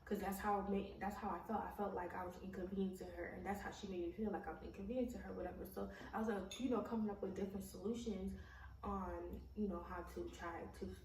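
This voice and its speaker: A woman's voice: medium pitch, fairly even intonation, fast, a little mellow. A young woman telling a personal story in a casual vlog, blunt and full of swearing, with many "like" and "um" fillers. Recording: roomy echo, mic at a distance, faint background noise.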